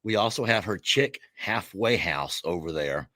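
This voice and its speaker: A relaxed man chats casually, as if giving a home tour on a laptop. His voice sits fairly low, and the sound is dry and close, with almost no room around it. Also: a little slow, dry recording. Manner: relaxed, rambling, self-correcting. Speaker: host. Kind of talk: casual chat. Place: home and backyard. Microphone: laptop mic.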